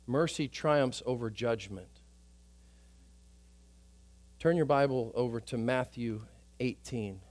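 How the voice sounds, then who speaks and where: A man preaching a sermon as pastor, emphatic, swinging between loud urgent stretches and quiet soft ones. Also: mid-range voice, slow pace, pauses often.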